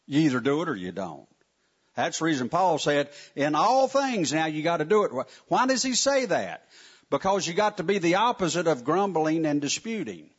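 A man preaching a sermon to his congregation in a church, folksy and animated, with asides to the listeners. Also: a little high, normal speed. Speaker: pastor. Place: church sanctuary. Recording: muffled lo-fi sound.

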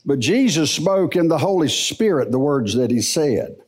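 A middle-aged man teaching the Bible in a church service, in a folksy, unhurried preaching manner. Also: a little high. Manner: slow, animated, folksy preaching.

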